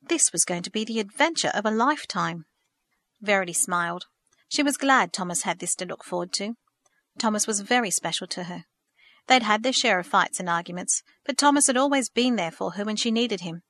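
A woman reads a story aloud in a steady, measured storytelling voice at a middle pitch. The recording is dry and close, with no room echo. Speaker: narrator. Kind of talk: scripted storybook narration.

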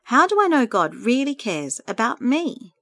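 A woman's voice: on the high side, very animated, a little slow, fairly bright tone, no room sound, pitched above the performer's own voice, heavily acted. A woman doing a tearful, heartbroken woman. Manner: tearful, anguished pleading. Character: grieving lonely woman, tearful. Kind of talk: storybook reading.

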